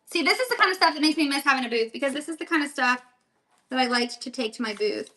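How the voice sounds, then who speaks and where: Sitting high in pitch with lively intonation, this woman is a fast talker with a sharp tone. She hosts a casual home-table crafting livestream as a seller, chatting and voicing viewer comments while she keeps working.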